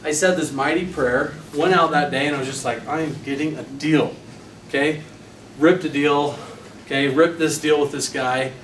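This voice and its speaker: A man's voice: fairly high pitch, normal speed. Young man telling a story, echoey room. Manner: animated storytelling, acting out his own quotes. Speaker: sales trainer presenting to a team. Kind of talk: motivational training talk. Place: meeting room. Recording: echoey room, mic far off, noisy.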